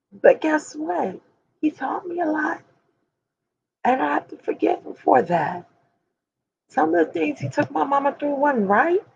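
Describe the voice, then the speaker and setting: A woman's voice: sits high, vocal fry, a little mellow, highs cut off, slight background noise. A woman of forty talking candidly and emphatically to her viewers, speaking straight to them like a preacher. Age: 40s. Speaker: host. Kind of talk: candid personal talk to viewers.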